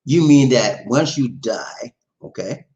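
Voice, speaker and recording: A man in middle age chats on a livestream with a voice that leaps up and down in pitch, reading viewers' messages aloud. He laughs easily and keeps the talk loose and friendly. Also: takes it slowly, lo-fi sound. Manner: animated, laughs often, greets viewers by name. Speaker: livestream host reading chat. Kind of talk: casual livestream chat.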